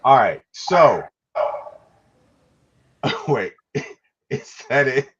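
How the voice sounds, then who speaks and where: Slow, animated podcast host. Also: mid-range voice, breathy edge, highs cut off. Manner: enthusiastic, laughs often, trails off in restarts. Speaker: podcast host reviewing a movie. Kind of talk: casual movie review podcast.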